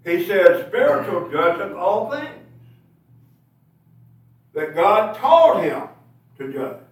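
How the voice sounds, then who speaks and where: A man's voice: sits high, big pitch swings, slow. A man preaching a sermon, asking his listeners rhetorical questions and pressing his points with emphatic bursts. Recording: echoey room, mic at a distance.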